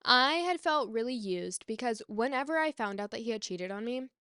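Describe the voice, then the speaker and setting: A woman's voice: fairly high pitch, expressive, normal speed, sharp tone, clear, resonant tone, no echo, studio quality. A young woman telling a personal story in a casual, chatty way, full of "like" and "um" and often exasperated. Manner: chatty, frequent "like" and "um" fillers; exasperated, emphatic. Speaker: vlogger.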